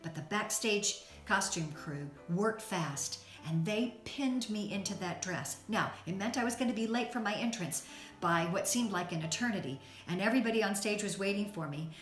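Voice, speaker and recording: A woman from North Carolina, an actress telling an expressive backstage story as a fundraising appeal. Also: medium pitch, moderate pace. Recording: echoey room, faint music.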